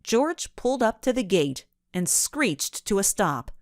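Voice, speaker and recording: A woman narrating a children's mystery audiobook in an expressive storytelling manner. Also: mid-range voice, a little slow, no room sound, clean studio sound.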